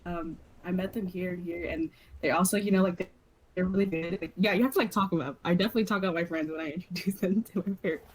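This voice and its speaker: A woman's voice: on the low side, quick pace, slightly rough, rough recording. A young woman co-hosting a student podcast, chatting casually with a lot of fillers. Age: young adult. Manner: chatty, many fillers, acts out quotes. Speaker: podcast co-host. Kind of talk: casual chat.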